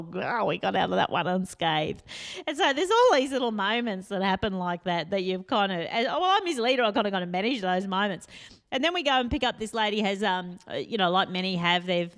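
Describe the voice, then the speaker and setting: A woman telling funny stories casually to the camera, chatty and animated, with frequent laughs and rambling asides. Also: mid-range voice. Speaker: support worker and vlogger. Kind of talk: casual storytelling.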